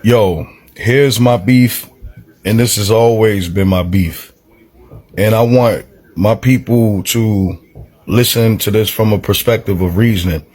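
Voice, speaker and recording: A man giving reflective vlog commentary, measured and reasoning, with pauses and fillers. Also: fairly low pitch, a little mellow.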